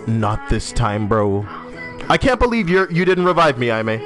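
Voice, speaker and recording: A man streaming a game, chatting loosely with teammates and viewers, loud and swearing constantly. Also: medium pitch, normal speed, music in the background. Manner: animated, talking to teammates and chat. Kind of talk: casual live-stream chat while gaming.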